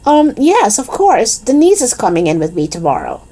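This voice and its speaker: A woman's voice: fairly high pitch, huge pitch swings, normal speed, warm tone, husky, pitched above the performer's own voice, full character voice. Woman doing a chirpy, scheming schoolgirl. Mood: bright. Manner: cheerful and persuasive.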